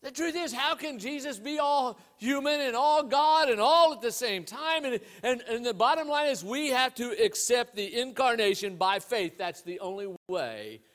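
A man with a high voice delivers a Sunday sermon. He talks in a conversational way, full of rhetorical questions and restarted phrases. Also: expressive, normal speed, hardly any pauses, a bit bright. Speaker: pastor.

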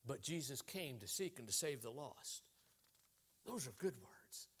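A man preaching a sermon, telling anecdotes with wide swings in pitch and loudness. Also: big pitch swings, a little slow, husky. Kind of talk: sermon with storytelling.

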